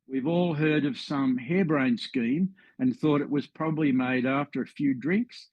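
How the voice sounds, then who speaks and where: Aussie bloke giving a history talk over a call, dry muffled sound. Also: male voice, mid-range voice, no room sound. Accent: Australian. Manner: friendly, wry asides. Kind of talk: storytelling presentation.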